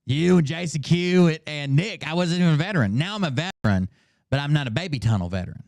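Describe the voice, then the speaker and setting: A man in his thirties hosting a live stream, mocking and swearing, with bursts of shouting. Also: a little high, animated, fast talker, gravelly, no room sound. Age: 30s. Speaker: streamer host. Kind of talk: casual live-stream commentary.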